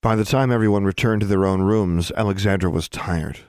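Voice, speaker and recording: A man narrating an audiobook in a steady, even storytelling manner. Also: low-pitched, brisk, smooth, no echo, clean studio sound.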